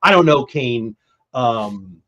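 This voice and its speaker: A man's voice: medium pitch, animated, takes it slowly, pushed and bright. A man hosting a casual baseball watch-party livestream, calling plays and chatting in an enthusiastic, rambling way. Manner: enthusiastic, rambling, talks over others. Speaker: livestream host. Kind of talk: casual livestream chat with play calls. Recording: dull lo-fi stream audio.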